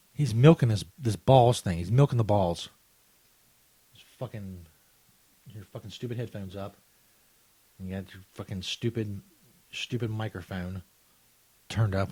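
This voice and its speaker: A man's voice: mid-range voice, a little mellow, no echo. A male radio host with a crude, irritable and mock-outraged way of talking, on a comedy show. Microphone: studio microphone. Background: faint music.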